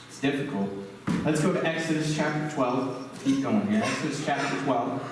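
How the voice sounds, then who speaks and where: A male pastor with a mid-range voice speaks at a moderate pace, a faint hiss or hum in the audio. Preaching his sermon conversationally in a church sanctuary, he asks the congregation questions, and the distant mic picks up the hall's echo.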